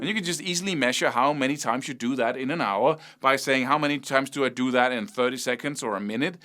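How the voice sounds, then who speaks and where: A man's voice: mid-range voice, fast, sharp tone. A man teaching guitar, talking casually and singing picking rhythms out as syllables. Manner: conversational, repeats himself and restarts. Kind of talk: spoken guitar lesson.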